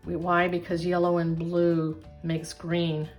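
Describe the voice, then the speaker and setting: A woman's voice: on the low side, monotone, takes it slowly, faint music behind. An older woman hosting a casual craft tutorial, chatty and encouraging, with a self-deprecating streak. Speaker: craft channel host.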